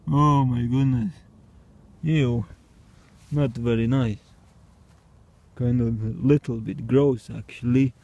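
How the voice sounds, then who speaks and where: A man with a soft, mellow tone thinks aloud slowly, filling the gaps with ums and restarts. Now and then he breaks into mooing, barking or meowing. He is outdoors at night, chatting casually to the camera. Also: medium pitch, steady tone, highs cut off. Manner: hesitant, wondering, with bursts of mooing, barking and meowing. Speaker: vlogger. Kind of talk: casual experiment commentary.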